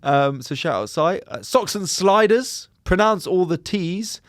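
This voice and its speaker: A man's voice: high-pitched, lively intonation, measured pace, no room sound, clean studio sound. A man co-hosting a podcast, reading listener messages in casual chat and laughing often. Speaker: podcast co-host.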